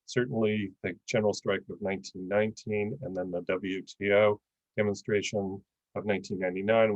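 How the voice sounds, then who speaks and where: A man's voice: lowish voice, no echo, poor audio. A man presenting on a panel at an academic conference over a video call, speaking thoughtfully with many fillers, his voice starting to give out. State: losing his voice.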